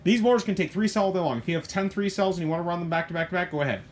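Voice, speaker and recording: A middle-aged hobby shop owner talks up a truck he sells in a high, rapid-fire voice, casual and animated. He rambles through asides and mild swearing, with slight background noise behind him.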